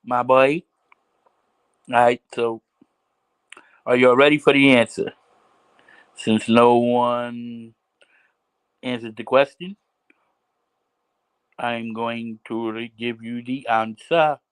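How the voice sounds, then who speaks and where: A man hosting a casual livestream, talking slowly and repeating himself with frequent restarts. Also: medium pitch, clean tone, low-quality recording. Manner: slow, repetitive, drawn-out talk with many restarts. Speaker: livestream host.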